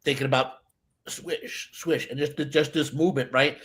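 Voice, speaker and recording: A man, a stage hypnotist, chatting in a casual interview and telling lively stories, acting out other people's voices. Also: medium pitch, fast talker. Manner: animated storyteller, acts out voices.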